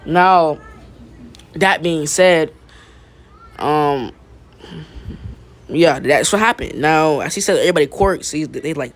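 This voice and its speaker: A man's voice: on the high side, takes it slowly, pauses often. Stammering young man retelling a fan story. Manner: stammering restarts, profane slang, laughs at himself. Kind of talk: casual fan-fiction retelling.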